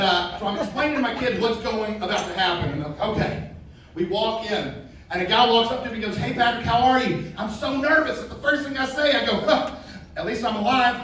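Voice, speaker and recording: A man doing a self-deprecating stand-up set, telling family stories on a club stage. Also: sits high. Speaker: stand-up comedian. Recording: echoey club, distant mic, audience.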